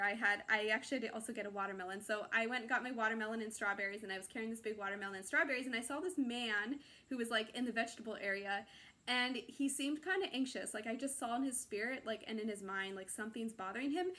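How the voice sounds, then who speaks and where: Woman, slightly high bright voice; casual rambling testimony, many "like"s, acts out her own thoughts. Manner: rambling, filler-heavy storytelling with many "like"s; acts out her own inner voice in quick quoted asides. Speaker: parishioner sharing a testimony.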